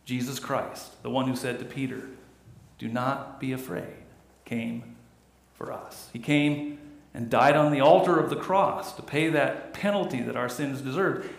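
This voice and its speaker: A man's voice: mid-range voice, vocal fry. A middle-aged male pastor preaching a sermon with earnest delivery that rises and falls. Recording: echoey church room.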